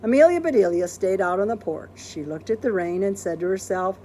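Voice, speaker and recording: A woman librarian reading a children's storybook aloud in a gentle, expressive storytelling manner. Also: mid-range voice, fairly quick, slight background noise.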